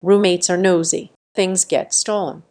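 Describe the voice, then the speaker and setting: A woman voicing a sweetly controlling middle-aged mother, who speaks in a soft, falsely concerned way in a narrated story. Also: fairly low pitch, steady tone, unhurried.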